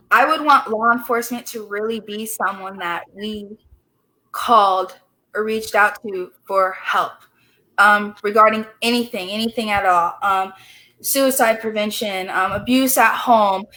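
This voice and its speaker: A woman's voice: medium pitch, measured pace, poor audio. A teenage girl in her late teens on a video call, answering interview questions in an earnest, chatty way. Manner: earnest, lively storyteller who laughs easily. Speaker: student host answering an officer's questions.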